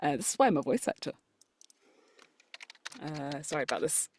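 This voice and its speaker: Low-pitched and animated, with a darkish tone and a moderate pace, this UK voice actor and coach talks informally as a guest on a podcast. She's chatty, pokes fun at herself, laughs a lot and trips over her words, heard over a remote call with slight background noise.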